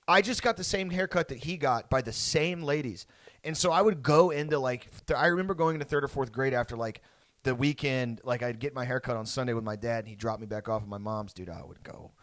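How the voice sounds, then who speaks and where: A man's voice: mid-range voice, fairly bright tone, no room sound. A young man hosting a podcast, telling a childhood story in a rambling, profane, laughing way. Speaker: podcast co-host. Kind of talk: casual storytelling.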